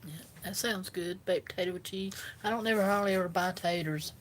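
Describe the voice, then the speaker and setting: A woman's voice: fairly low pitch, brisk. A woman with a South Carolina Southern accent, chatting casually and rambling easily with viewers, recorded on a phone. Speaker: vlogger. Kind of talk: casual live chat with viewers.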